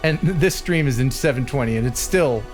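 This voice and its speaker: A man hosting a casual livestream chat, animated and quick to chuckle while he tells stories. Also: medium pitch. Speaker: livestream host. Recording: faint music behind.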